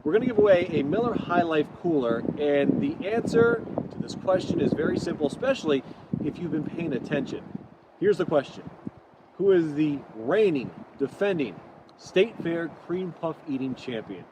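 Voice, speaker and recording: A man's voice: on the high side, animated, moderate pace, very noisy. A man with a Midwestern American accent hosting a virtual fair event, upbeat and promotional. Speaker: event host.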